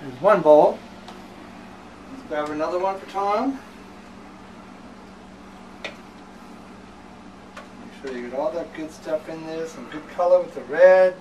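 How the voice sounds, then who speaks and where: A man's voice: on the high side, takes it slowly, pauses often, distant mic, highs cut off, noisy background. A man hosting a home cooking show, talking casually with fillers and restarts.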